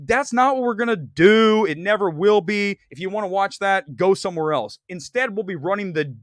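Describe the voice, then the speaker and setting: A loud, outspoken man hosts a live movie talk stream, joking and ranting. His voice sits high for a man. It is recorded close and dry, with no room sound. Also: normal speed, few pauses, no room sound. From Ohio, United States. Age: adult. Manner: loud, outspoken and jokey, slips into mocking voices. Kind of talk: casual live-stream rant.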